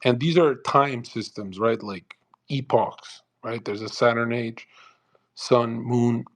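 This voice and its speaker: A man's voice: mid-range voice, slow pace. Male host, brash motivational lecturer on a live audio chat; profane and repetitive. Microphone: online audio call.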